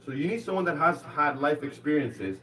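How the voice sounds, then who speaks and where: Stand-up comedian with a halting, rambling delivery. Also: male voice, on the high side, distant mic, rough recording. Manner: rambling, halting delivery that rises to excited shouting in stories. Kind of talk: live stand-up comedy set. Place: comedy club stage.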